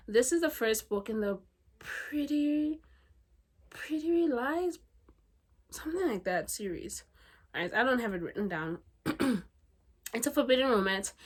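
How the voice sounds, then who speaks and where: A young woman from South Africa chatting about her favorite books, giggly and full of "like" and "legit". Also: medium pitch. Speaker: book reviewer. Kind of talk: casual book review chat.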